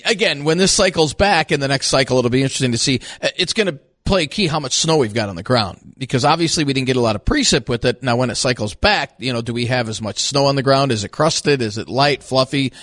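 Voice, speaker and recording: A man's voice: mid-range voice, quick pace, hardly any pauses, a bit bright, dry recording, clean studio sound. A man co-hosting a farm radio show who explains the weather in an easygoing, agreeable way, with lots of ums and uhs. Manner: easygoing, filler-heavy, agreeable. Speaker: radio co-host giving weather. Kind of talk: casual on-air chat.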